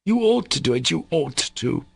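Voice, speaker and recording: A man's voice: lowish voice, animated, normal speed, gravelly, a little mellow, husky, no echo, exaggerated voice. A man voicing an earnest young man in an audiobook, who speaks with urgent emphasis. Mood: insistent. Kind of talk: audiobook character voice.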